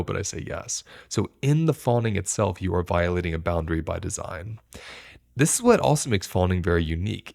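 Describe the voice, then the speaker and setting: A man's voice: low voice, creaky, a little mellow. A man teaching about stress responses to camera, reflective and earnest, explaining with everyday examples from his own life. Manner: earnest, speaks from personal experience.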